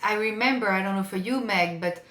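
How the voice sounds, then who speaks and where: A woman's voice: mid-range voice, fairly quick, fairly bright tone. A woman in her forties, a therapist talking as a podcast guest in an earnest way, repeating phrases for emphasis. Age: 40s. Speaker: guest, family constellation therapist. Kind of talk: casual podcast conversation. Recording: roomy echoey room.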